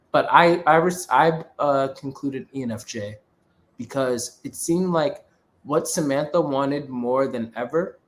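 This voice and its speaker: A man co-hosting a podcast, casually analyzing a film and rambling with lots of filler words. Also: medium pitch. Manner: rambling, frequent filler words, laughs easily. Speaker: podcast co-host.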